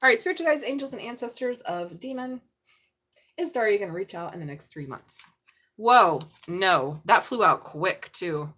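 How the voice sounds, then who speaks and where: A woman's voice: mid-range voice, lively intonation, moderate pace, fairly bright tone. A middle-aged woman giving a live-stream tarot reading, blunt and profane, joking and laughing often. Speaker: tarot reader.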